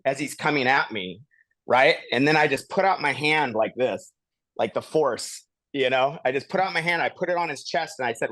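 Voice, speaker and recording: A man with a middling voice tells a story in an easygoing podcast chat, animated and quick to laugh. His voice sits close to the mic in a dry, dead room. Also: medium pitch, dry recording. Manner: animated retelling with laughs and acted-out quotes. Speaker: podcast host. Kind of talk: casual storytelling. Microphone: studio podcast mic.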